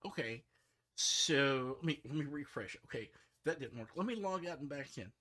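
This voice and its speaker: Man, middle-aged, bright forceful voice, rambling casual vlog, frustrated, thinks out loud. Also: mid-range voice, lively intonation, normal speed. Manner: frustrated, self-talking, many restarts and fillers. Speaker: software developer streaming his work.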